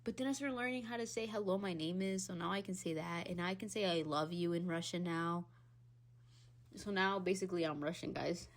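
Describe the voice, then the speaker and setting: Talking fairly quickly, a young Hispanic woman rants solo on her own podcast in a casual, animated style. She swears freely, laughs a lot and swings widely in pitch and volume, from loud squeals to low mutters.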